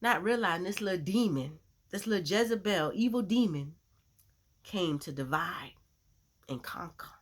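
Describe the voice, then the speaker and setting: A woman sharing a personal faith testimony as a vlogger, in a chatty, animated storytelling way with lots of "you know.". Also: fairly low pitch, normal speed. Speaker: Christian vlogger.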